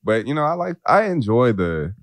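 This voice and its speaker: A man's voice: mid-range voice, sing-song, moderate pace, no echo. A man in his thirties co-hosting a podcast in casual chat, laughing often and joking. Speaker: podcast co-host.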